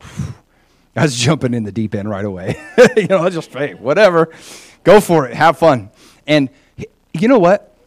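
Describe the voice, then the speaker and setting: Middle-aged male preacher, lively storyteller, dry close sound, acts out quoted people. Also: a little high, normal speed, dry recording. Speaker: pastor. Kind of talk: sermon with personal stories.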